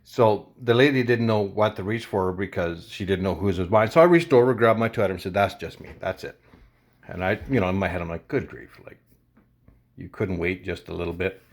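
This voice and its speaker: A man vlogger casually recounting a confrontation in an animated, indignant way. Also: lowish voice, brisk. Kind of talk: casual storytelling to camera.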